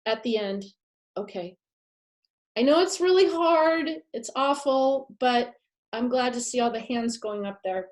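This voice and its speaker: A woman with a fairly high voice teaches a live masterclass, speaking earnestly to her audience. She leans hard on key phrases and repeats them for emphasis. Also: animated, normal speed, darkish tone. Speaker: pet afterlife speaker.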